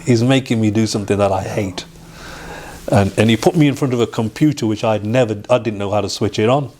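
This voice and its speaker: A middle-aged man, an interview guest telling a personal story in a halting way, with restarts and acted-out quoted dialogue. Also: fairly low pitch, darkish tone.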